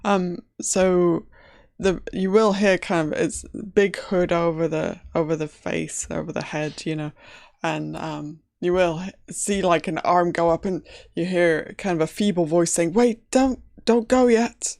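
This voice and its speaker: A woman narrating as dungeon master in a relaxed, hesitant way with many pauses. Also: on the low side, gravelly, no echo, studio quality. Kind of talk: narrating a tabletop game.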